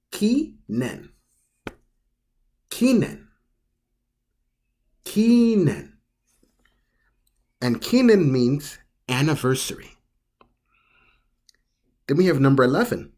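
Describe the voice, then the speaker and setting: A channel host giving a slow pronunciation lesson, explaining step by step and repeating each word several times with care. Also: mid-range voice, darkish tone. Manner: explains step by step in plain words. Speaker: language teacher.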